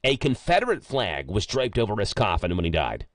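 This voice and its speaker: A man's voice: lowish voice, brisk, dry recording. A man hosts a morning radio show, his voice swinging up and down as he jokes and tells stories. He sounds close and dry in the studio. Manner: chatty, joking, animated storyteller. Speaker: radio host. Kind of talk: casual morning radio chat. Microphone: studio microphone.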